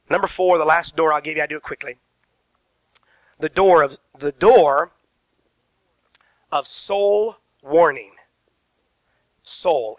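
A man preaching from the pulpit with a bright, forceful voice pitched a little high. He presses his points hard, throws questions at the congregation and spells out key words letter by letter. The sound is close and dry. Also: no room sound, rough recording. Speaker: pastor. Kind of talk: sermon. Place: church sanctuary.

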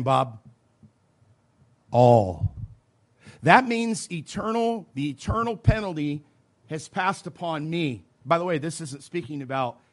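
Emphatic preacher man, slow stresses. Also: fairly high pitch, fairly bright tone. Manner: emphatic, slows down to stress scripture phrases, folksy asides. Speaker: preacher teaching soul-winning. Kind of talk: sermon teaching with role-played witnessing.

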